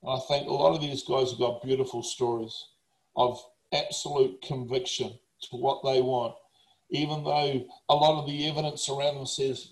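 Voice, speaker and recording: A man's voice: mid-range voice, level tone, normal speed, roomy sound, rough recording. A man, a motivational speaker talking casually, blunt, emphatic and swearing heavily. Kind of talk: casual talk.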